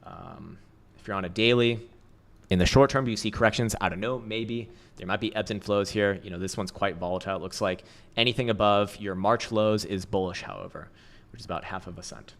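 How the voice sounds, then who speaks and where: A man's voice: on the low side, fairly quick, gravelly, a bit bright. A man hosting a crypto trading livestream, talking casually and bluntly with heavy swearing, frequent laughs and rambling restarts. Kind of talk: casual livestream chart commentary.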